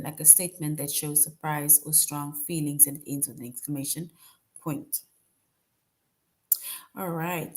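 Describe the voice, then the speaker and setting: Patient woman teaching young kids. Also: lowish voice. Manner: patient, repeats points, frequent "right?" checks. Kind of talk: online grammar lesson for children.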